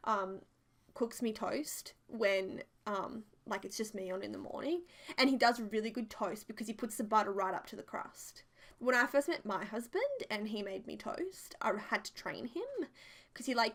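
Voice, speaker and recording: A woman's voice: on the high side, fairly bright tone. A young woman chatting through a casual home voiceover, rambling and full of "like" fillers. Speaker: game builder doing a voiceover. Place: home, near the bedroom.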